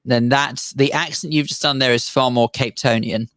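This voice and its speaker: A man's voice: mid-range voice, fairly even intonation, moderate pace, fairly bright tone, dry recording. A man with a South African accent co-hosting a radio show, bantering with dry wit. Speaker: radio co-host. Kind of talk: casual radio chat. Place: radio studio.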